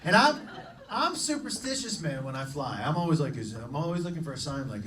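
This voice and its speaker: A man doing live stand-up on a comedy club stage, telling a story in an animated, profane way. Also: on the high side, moderate pace, far from the mic, background noise. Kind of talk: live stand-up crowd work.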